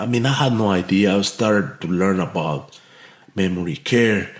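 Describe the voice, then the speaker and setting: A man from Mexico, appearing as a podcast guest, tells a heartfelt story earnestly, full of restarts and fillers. His low voice moves at a moderate pace in an echoey room.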